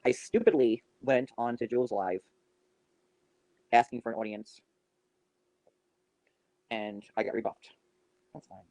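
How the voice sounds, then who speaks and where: A man's voice: mid-range voice, measured pace, gravelly, long pauses, a little mellow, low-quality recording. Scornful middle-aged man, dismissive. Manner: scornful, dismissive, rhetorical questions. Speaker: YouTuber in an archived live stream. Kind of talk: dismissive live-stream rant.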